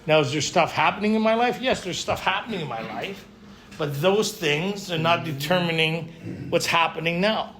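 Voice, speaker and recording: Crowd noise and faint room ambience are audible as a man with a slightly high voice and lively intonation speaks at normal speed. As a recovery speaker at a men's retreat, he addresses the group casually and often checks in with his listeners.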